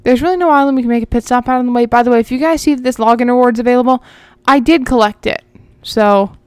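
This gaming host talks fast, chattily walking her audience through gameplay and musing aloud as she rambles. Her voice is a touch high, smooth and clear, captured close and dry with no echo.

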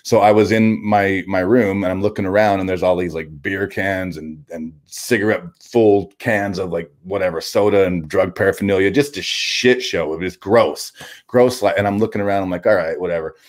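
Deep-voiced man telling a candid story. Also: steady tone. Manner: halting, with frequent restarts and casual swearing. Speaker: interview guest.

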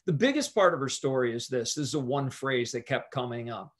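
A pastor and guest speaker telling a story in an interview, earnestly retelling past conversations line by line. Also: male voice, mid-range voice, expressive, brisk.

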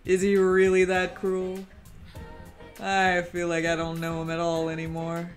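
Woman voicing a soft, hurt schoolgirl. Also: on the low side, completely flat delivery, drawn-out words, faint music behind, voice pushed down. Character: betrayed teenage girl student, hurt.

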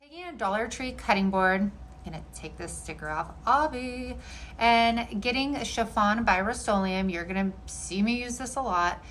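A woman's voice: a little high, moderate pace, fairly bright tone, a little hiss or hum, poor audio. A woman chatting through a home decor DIY tutorial in an upbeat, friendly way, often saying "y'all". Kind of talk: casual tutorial narration.

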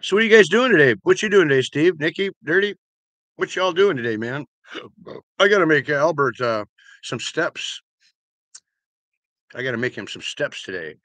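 A man livestreaming from his room at home, talking loudly and with a lot of swearing as he greets his viewers by name. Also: fairly high pitch, animated, moderate pace, long pauses, dry recording. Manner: loud, profane, greeting chat by name. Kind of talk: casual livestream chat with viewers.

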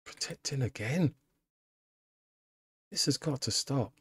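A man's voice: medium pitch, animated, slow, noisy background. A man commenting casually on his own chess game, muttering frustrated remarks to himself. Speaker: chess streamer.

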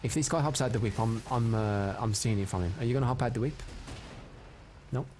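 Excitable man streaming his gameplay. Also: mid-range voice, a little fast, a little hiss or hum. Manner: excitable, swings into loud frustrated outbursts; chats to viewers and reads out their comments. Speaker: live streamer. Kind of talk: live gameplay commentary.

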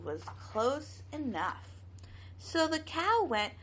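A woman reading a children's picture book aloud in a slow, sing-song way, putting on playful animal voices. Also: a little high, sing-song, a bit bright, highs cut off. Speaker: storybook reader.

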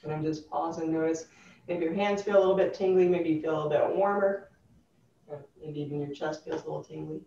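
Yoga teacher, female, gentle and instructive, recorded live from a distance on a dull, slightly noisy track. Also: low voice, fast, reverberant. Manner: calm, gently instructive cueing. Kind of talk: guided chair yoga class.

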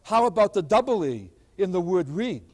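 An older man, a math professor, giving an animated lecture in a storytelling teaching manner. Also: high voice, normal speed. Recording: older recording.

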